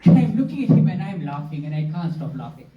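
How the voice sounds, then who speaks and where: A man's voice: a little high, very animated, fast talker. A man telling a funny personal story about himself as a devotee, laughing often and mocking himself. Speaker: devotee sharing a testimony. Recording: roomy, distant, dull hall recording.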